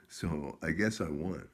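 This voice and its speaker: Man, vlogger, very deep voice, vocal fry, rambling profane storytelling. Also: a little mellow. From Canada. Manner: rambling, profane, restarts often. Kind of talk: casual storytelling vlog.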